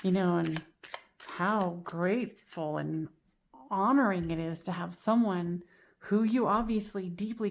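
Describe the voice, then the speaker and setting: Chatty woman giving a tarot reading. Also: medium pitch. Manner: chatty, reassuring, leans on "you know" and "like". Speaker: tarot reader. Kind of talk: casual tarot card reading to camera.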